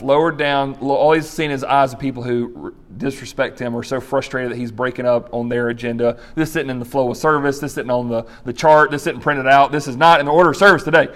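A man's voice: mid-range voice, fairly bright tone. A man preaching a sermon, telling stories with acted-out voices and brief laughs. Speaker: pastor.

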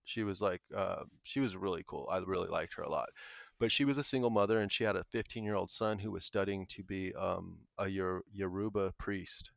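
A man, a podcast guest, telling a paranormal story in an earnest, halting way. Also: sits low, fairly even intonation, creaky, dry recording. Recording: muffled lo-fi audio.

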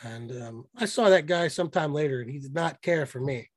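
A man's voice: fairly high pitch, animated, a little fast. A man co-hosting a podcast, telling a rambling, profane story in casual chat. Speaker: podcast co-host.

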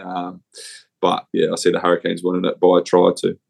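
A man's voice: low voice, completely flat delivery, brisk, creaky, darkish tone. A young man with a New Zealand accent and a cold, chatting in a rambling, slangy, laid-back way as a podcast guest. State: has a cold. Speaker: rugby player guest. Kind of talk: casual chat.

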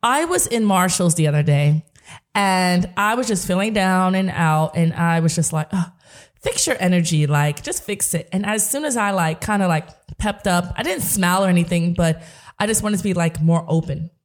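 A woman's voice: fairly low pitch, normal speed. A woman hosting a podcast, telling stories in a chatty, upbeat way with lots of fillers. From Brooklyn, New York. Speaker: podcast host. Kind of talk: casual podcast chat.

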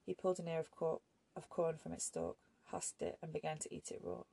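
A woman narrating an audiobook in a measured, even storytelling manner. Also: sits low, creaky, husky.

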